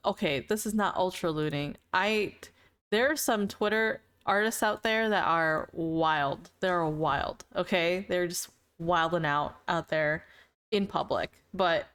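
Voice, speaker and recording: A woman's voice: mid-range voice, a bit bright, clean tone. A woman streamer in casual live-stream chat with viewers, playful and teasing, laughing often between remarks.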